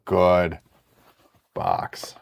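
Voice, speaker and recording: A man in his thirties hosting a live card break stream, chatting excitedly with viewers in the chat. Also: low voice, drawn-out words, creaky, noisy background.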